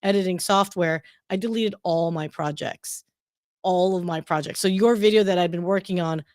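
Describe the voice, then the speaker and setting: A woman's voice: on the low side, moderate pace, darkish tone, no echo, clean studio sound. A woman co-hosting a casual livestream, chatty and explanatory with frank asides, talking over a computer mic on a video call. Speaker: livestream co-host.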